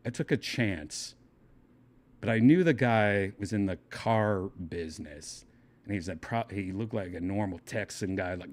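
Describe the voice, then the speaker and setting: A man, a comedian hosting his own podcast, telling a crude story in casual, animated fashion and laughing often. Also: unhurried. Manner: animated, jumps up in pitch for quoted voices, crude jokes, laughs often. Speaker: podcast host.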